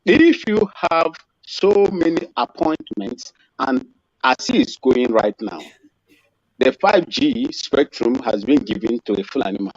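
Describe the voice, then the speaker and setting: A man's voice: mid-range voice, lively intonation, measured pace, no room sound. A man in an online discussion who stumbles over restarts as he pushes to make his point. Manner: stammering restarts, pushes to speak. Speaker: panel participant. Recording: dry, dull lo-fi line.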